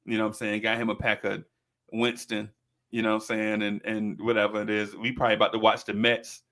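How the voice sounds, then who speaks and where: Gravelly animated man telling stories. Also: fairly low pitch, a little fast. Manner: animated, slangy, laughs a lot. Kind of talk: casual storytelling chat.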